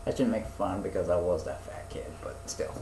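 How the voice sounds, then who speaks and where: A man's voice: deep voice, fairly quick, mellow, echoey room, slight background noise, poor audio. A young man chatting casually as a podcast co-host, rambling with lots of fillers, restarts and swearing. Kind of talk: casual chat.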